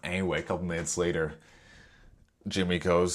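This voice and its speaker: Low-voiced man telling a teacher story. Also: a little fast, pauses often. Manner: animated retelling, acts out dialogue, many fillers. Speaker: substitute teacher. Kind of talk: storytime vlog.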